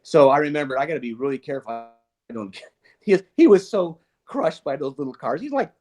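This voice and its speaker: Soft background music plays as an older man, a retired police chief, talks a little fast in a voice on the high side. In casual, earnest storytelling about leadership and parenting, he's animated, laughs often and keeps restarting sentences.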